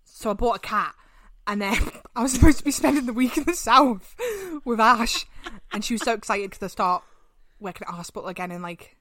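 Young woman, podcast co-host, bright and slightly high voice, loose and sweary, dry close mic. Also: fairly quick, no echo. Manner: animated, sweary storytelling. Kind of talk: casual chat.

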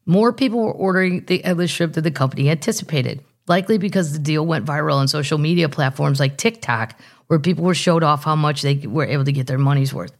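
A woman with a lowish voice hosts a casual comedy podcast. She reads news items aloud and keeps breaking off into jokey asides. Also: quick pace. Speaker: podcast host.

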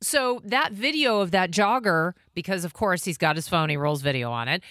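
A woman co-hosting a morning radio show, walking through local news in a brisk, plain, conversational way. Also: lowish voice, animated, fairly bright tone, dry recording, clean studio sound. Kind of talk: casual morning show banter and news chat. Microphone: studio mic.

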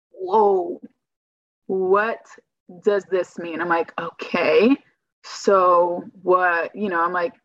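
A woman's voice: on the low side, fairly bright tone, dry recording. A young woman talking through her own experience in a casual, chatty interview. She keeps acting out her own reactions as she tells it. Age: young adult. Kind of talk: casual personal storytelling. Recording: dull lo-fi dry recording.

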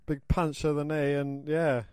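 A man's voice: on the high side, level tone, measured pace, a little mellow, clean tone, dry recording. A man co-hosting a wrestling podcast, chatting and chiming in with short calls. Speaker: podcast co-host. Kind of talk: casual wrestling commentary.

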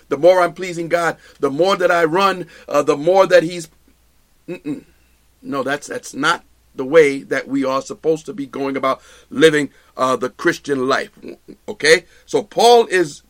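A man's voice: high voice, bright, forceful tone. A man teaching a live Bible study, emphatic and repetitive, often restarting his phrases and checking in with listeners. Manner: addresses listeners directly with "okay?".

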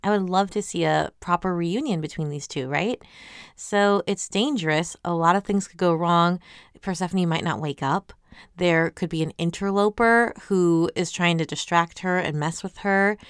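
A woman with a lowish, smooth and resonant voice talks through a webtoon episode in a casual way. She is animated and full of questions, and she reads viewer comments aloud as the host. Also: moderate pace, no room sound, studio quality. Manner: animated, asks many questions.

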